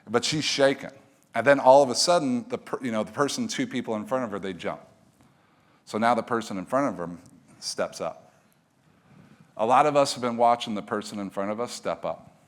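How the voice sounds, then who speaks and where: A middle-aged motivational speaker with a mid-range voice tells a story to an audience. His delivery is animated and moves between hushed and loud.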